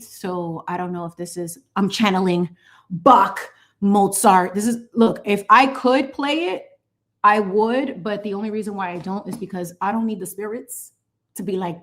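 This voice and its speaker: A woman in her late thirties hosting a live painting stream, chatting casually and animatedly with viewers as she paints. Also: mid-range voice. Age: 30s. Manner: chatty, animated, greets chat viewers with squeals. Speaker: painting livestream host.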